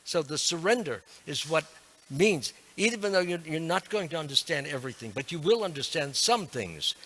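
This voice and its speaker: A man's voice: on the high side, expressive, normal speed, fairly bright tone. An older man giving a devotional sermon to a temple class, earnest and emphatic with self-deprecating asides. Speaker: monk lecturing a temple class.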